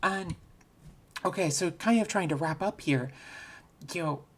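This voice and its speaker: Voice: medium pitch, measured pace. A speaker giving a recorded virtual conference talk, explaining casually and thinking aloud with frequent restarts. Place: home, recorded remotely.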